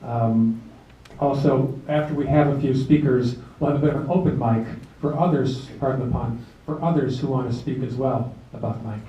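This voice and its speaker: A man leading a memorial gathering, speaking in a relaxed, folksy way with light jokes and fillers, addressing a seated crowd in a club hall. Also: medium pitch, moderate pace. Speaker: officiant of a memorial service. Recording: roomy, distant, dull amateur video.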